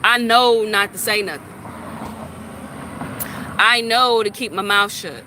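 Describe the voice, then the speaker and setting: A woman's voice: mid-range voice, takes it slowly. A woman in a heated, scolding rant to camera, repeating her points for emphasis. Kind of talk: ranting monologue to camera. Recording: faint street noise outdoors.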